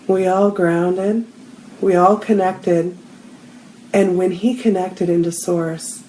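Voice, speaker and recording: A woman shares a personal spiritual story in a relaxed group conversation. She throws herself into the quoted lines. The room around her is echoey. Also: medium pitch, slight background noise. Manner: animated storyteller acting out quotes. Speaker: spiritual healer and co-host. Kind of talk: storytelling in a casual group talk.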